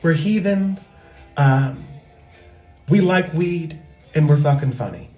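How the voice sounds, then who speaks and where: A woman comedian talking loudly and animatedly in a casual, profane monologue into a microphone. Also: sits low, expressive, takes it slowly. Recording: roomy echo with faint music.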